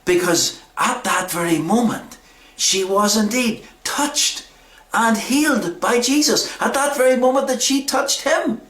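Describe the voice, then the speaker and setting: Church storyteller, lively kids bible talk, echoey hall. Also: medium pitch, measured pace. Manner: animated, expressive storytelling. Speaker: children's talk leader.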